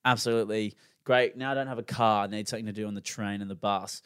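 A man's voice: lowish voice, steady tone, fast, a bit bright, clean tone, no room sound, clean studio sound. A young Australian man co-hosting a podcast in casual chat, laid-back, laughing often and swearing freely. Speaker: podcast co-host.

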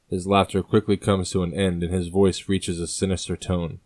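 A man quietly narrating a historical story in an even reading voice. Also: low voice, normal speed, few pauses, dry recording, clean studio sound.

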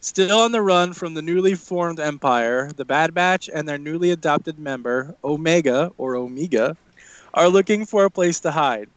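A man's voice: on the high side, lively intonation, moderate pace, few pauses, clear, resonant tone, no echo, poor audio. A man co-hosting a casual podcast over a video call, joking and reading out an episode recap. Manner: joking, reads a recap synopsis aloud. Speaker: podcast co-host. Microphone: home mic on a video call.

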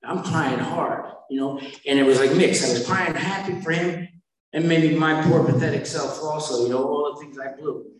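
A man's voice: on the high side, fairly even intonation, moderate pace. A middle-aged man telling his recovery story at a meeting, blunt and rambling, often stopping to restart his sentences. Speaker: speaker sharing at a recovery meeting. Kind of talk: personal recovery testimony. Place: meeting hall. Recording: very echoey hall, from far off.

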